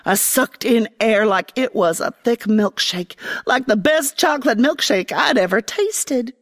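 A woman narrating a first-person fantasy story in an expressive, dramatic way. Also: a little high, measured pace, in a large hall. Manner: expressive, dramatic, voicing a young girl.

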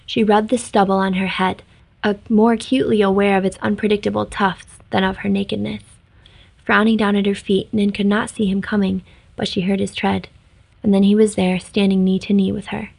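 A woman narrates a fantasy story in an even, measured read. Her voice is husky and gravelly, and her tone stays flat, with little rise or fall. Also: medium pitch, poor audio. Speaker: story reader.

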